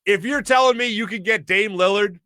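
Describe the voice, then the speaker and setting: A man hosting a sports talk show, hoarse from losing his voice, giving an emphatic opinion monologue and clearing his throat now and then. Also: sits high, moderate pace, bright, forceful tone, no echo. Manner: emphatic, repeats phrases for stress, clears throat often.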